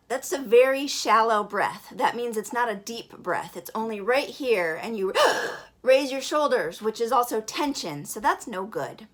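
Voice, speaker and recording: A woman giving an upbeat breathing and singing lesson for children, encouraging and demonstrating as she goes. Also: a little high. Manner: bright, encouraging, demonstrates breaths and sings alphabet. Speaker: vocal teacher for kids.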